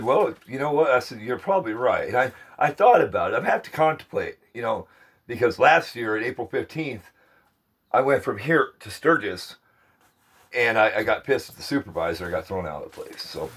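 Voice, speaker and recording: A middle-aged man with a husky, somewhat low voice, rambling on camera in a casual vlog. He meanders from one thing to the next with grumbling asides, recorded outdoors. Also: a bit bright. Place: outdoors near a dumpster.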